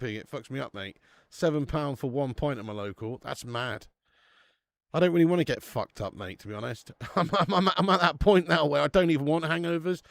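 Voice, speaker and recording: A man's voice: medium pitch, vocal fry, no room sound, studio quality. A young British man hosting a live football watch-along, chatting casually, swearing and reading out viewer comments. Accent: British English. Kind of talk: casual live-stream chat.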